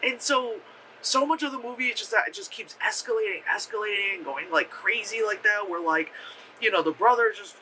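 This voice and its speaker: Young male film reviewer, slightly high, very bright voice, profane, filler-heavy, animated recap. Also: brisk, a little hiss or hum, low-quality recording. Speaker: movie reviewer. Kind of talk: casual rambling film review.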